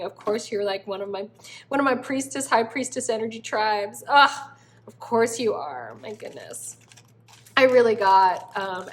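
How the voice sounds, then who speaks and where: Tarot reader, woman, effusive and doting, slight background noise. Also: medium pitch. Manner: effusive, affectionate, exclaiming often. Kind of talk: spiritual tarot reading.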